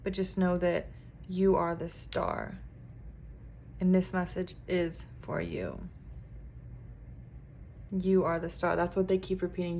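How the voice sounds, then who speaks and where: Lady psychic reading tarot, low-ish voice, earnest and pumped up, says like a lot. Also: measured pace, creaky, long pauses, darkish tone, slight background noise. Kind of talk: pick-a-card tarot reading to camera.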